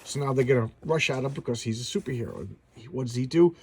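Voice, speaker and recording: A fast-talking male host with a mid-range voice and lively intonation chats about vintage comics, with a faint hiss or hum on the recording. He's middle-aged, a comic collector, and his enthusiastic, rambling talk is full of stammered restarts.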